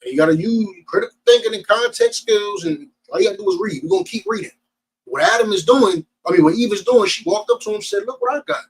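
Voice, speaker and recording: A man with a New Jersey Black American accent, teaching scripture in a colloquial, animated storytelling way. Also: high voice, quick pace, vocal fry, a little hiss or hum, low-quality recording. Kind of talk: street preaching and scripture teaching.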